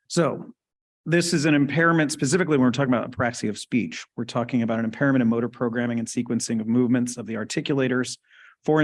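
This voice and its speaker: A man lectures at a conference, explaining clinical terms in a relaxed, conversational way. He keeps checking in with the audience as he clicks through slides. His voice sits at an ordinary middle pitch. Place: conference hall.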